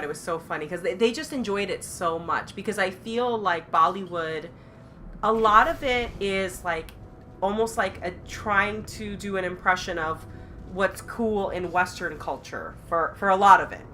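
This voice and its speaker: Low, bright-toned woman co-host. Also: moderate pace, slight background noise. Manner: rambling, self-interrupting. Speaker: stream co-host. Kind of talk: casual chat.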